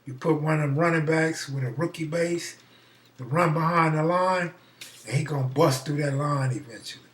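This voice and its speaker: Man, middle-aged, casual storyteller, profane, fairly high voice, bright tone. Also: moderate pace, echoey room, far from the mic. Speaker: live stream host.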